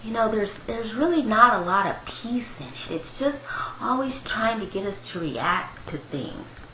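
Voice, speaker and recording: Gentle grandmother with a bright voice. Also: mid-range voice, animated, a little slow, echoey room, a little hiss or hum, poor audio. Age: older. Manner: gentle, rambling, many fillers. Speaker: Christian meditation teacher. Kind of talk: casual devotional talk.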